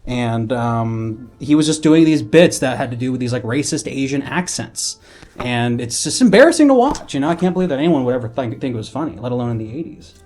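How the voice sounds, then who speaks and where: A man plays a petty, aggrieved office worker venting to his therapist in a live comedy sketch. He rambles and grumbles, stumbling over fillers at a middling pitch. Faint music sits behind him. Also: animated, a little fast, a little mellow, lightly acted.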